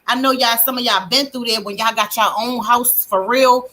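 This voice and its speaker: Lively middle-aged lady livestreaming, bright voice, greets the chat as she talks. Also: a little high, normal speed. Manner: animated storytelling, greets chat viewers. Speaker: livestream host. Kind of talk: casual testimony to a live chat.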